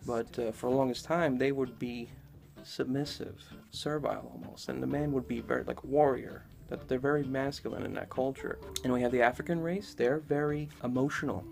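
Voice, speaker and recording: A man's voice: medium pitch, fairly even intonation, moderate pace, gravelly, a little mellow, soft background music. A man giving a casual, rambling spoken lecture, talking loosely with lots of fillers. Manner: rambling, conversational, many fillers. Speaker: esoteric lecturer.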